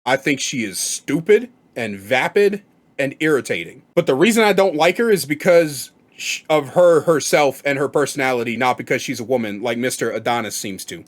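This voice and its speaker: A man's voice: medium pitch, lively intonation, normal speed. A man giving blunt, profane reaction commentary, rambling and repeating himself as he makes his points.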